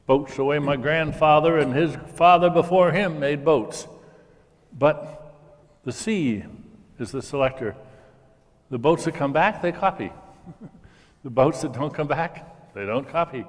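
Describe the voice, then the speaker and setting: A man's voice: on the high side, a little slow, pauses often, big-room sound. An older man in an interview, explaining ideas with enthusiasm and stammering at the start of sentences. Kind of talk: conversational interview.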